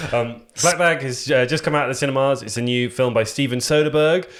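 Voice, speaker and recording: A man's voice: mid-range voice, normal speed. A man hosting a podcast, rambling casually with lots of fillers and restarts. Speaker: podcast host. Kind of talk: casual chat.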